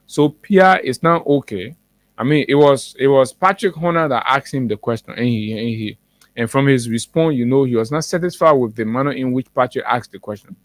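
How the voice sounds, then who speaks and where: A man's voice: mid-range voice, no echo. A man with a Liberian English accent hosting a morning show, delivering heated political commentary with many fillers and restarts.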